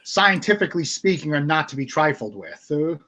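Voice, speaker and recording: A man's voice: fairly high pitch, big pitch swings, a little fast, bright, forceful tone. A man playing a tabletop game, speaking in and out of character with stammers. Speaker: player.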